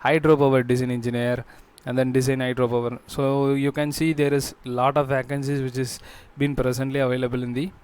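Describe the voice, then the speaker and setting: A man hosting a job-listings channel, talking through a screen walkthrough in a halting way with frequent fillers and restarts. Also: medium pitch, flat delivery, darkish tone, clear, resonant tone.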